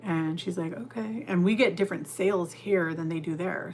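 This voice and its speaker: This California livestream host speaks at a normal speed in a fairly low, darkish voice with a steady tone, over slight background noise. Standing in her home kitchen, she chats loosely and rambles through viewers' comments.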